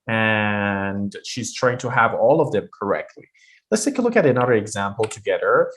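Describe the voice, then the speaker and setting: A man's voice: lowish voice, expressive, moderate pace, a bit bright. A man teaching a pronunciation lesson, explaining step by step with frequent hesitations. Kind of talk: online lesson.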